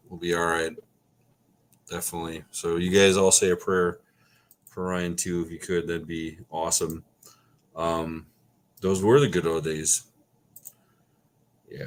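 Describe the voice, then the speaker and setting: A man hosting a casual livestream, reading viewer comments aloud, joking and swearing casually as he reminisces. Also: sits low. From Wisconsin. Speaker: livestream host reading chat. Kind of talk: casual live chat.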